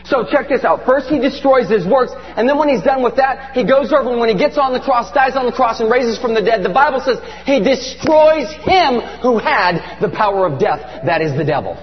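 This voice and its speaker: A middle-aged man preaching a sermon with animated, emphatic storytelling. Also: extremely high pitch, fairly quick, hardly any pauses. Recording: dull lo-fi recording in a reverberant hall with faint hum.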